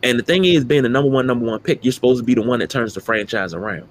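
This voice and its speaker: A man's voice: medium pitch, rapid-fire. A man co-hosting a casual sports talk podcast, emphatic and profane as he rants about players. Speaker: podcast co-host.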